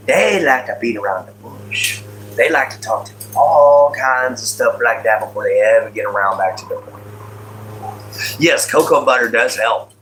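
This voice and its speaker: A man's voice: medium pitch, pushed and bright, a little hiss or hum, rough recording. A man hosting a casual home live stream, drawling and easygoing as he answers chat by name. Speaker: livestream host. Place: at home, moving to back porch.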